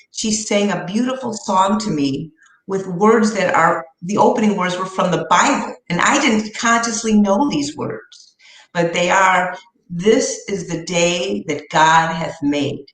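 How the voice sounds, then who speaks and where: A middle-aged woman talks as an interview guest, sharing personal experiences in an earnest, heartfelt way. Her pitch sits mid-range and she slows down to stress what matters. The recording has a noticeable roomy echo. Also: animated.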